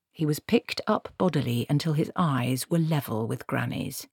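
A woman reading a comic fantasy story aloud in a wry, measured narrating voice. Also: sits low, darkish tone, husky, no echo, clean studio sound. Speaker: audiobook narrator. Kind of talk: scripted narration.

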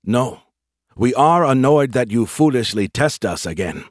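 A man voicing a calm, confident human general in an audiobook, courteous with a dry, taunting edge. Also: medium pitch, a little slow, no room sound. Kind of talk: audiobook character voice.

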